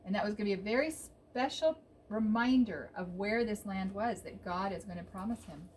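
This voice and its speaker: Animated woman telling kids a Bible story. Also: mid-range voice, normal speed, a little hiss or hum, poor audio. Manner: animated, exclaiming, with fillers. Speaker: children's Bible teacher.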